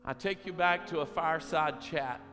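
High-voiced pastor man preaching, goes quiet then loud, big reverby church hall, soft music behind. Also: normal speed. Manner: swings from hushed storytelling to loud preaching. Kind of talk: sermon. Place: church sanctuary.

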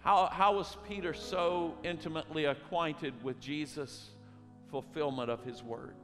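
A pastor preaching with a high-pitched voice that moves between hushed storytelling and loud, driving preaching. The sound carries a long reverb through a church hall, with soft music playing underneath. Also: male voice, fairly even intonation, measured pace. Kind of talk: sermon. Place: church sanctuary.

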